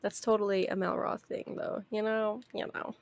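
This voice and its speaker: A woman's voice: mid-range voice, fairly even intonation, a little slow, creaky. A young woman streaming a video game, chatting casually in a rambling way and laughing often.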